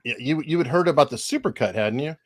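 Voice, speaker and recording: A man with a fairly high, animated voice co-hosts a live stream. He chuckles as he makes dry, teasing remarks and pads his thoughts with ums and uhs. The recording sounds close and dry. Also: no echo. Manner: chuckling, dry teasing asides with filler pauses. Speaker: podcast co-host. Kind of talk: casual live-stream chat.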